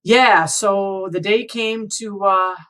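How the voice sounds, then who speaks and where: A woman's voice: medium pitch, fairly even intonation, slow, a bit bright, poor audio. A woman in her forties, speaking as a guest on an interview show. She tells a personal story earnestly, with open emotion. She keeps the talk conversational and checks in with her listener by asking "right?" and "you know?".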